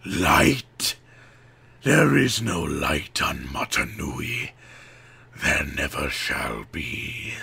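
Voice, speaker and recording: Makuta, a hissing shadow lord. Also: male voice, very animated, gravelly, pushed and bright, slightly rough, exaggerated voice. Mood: menacing. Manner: low hissing whisper, slow and drawn out. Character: sinister male shadow lord, cold and gloating. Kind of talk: audiobook character voice.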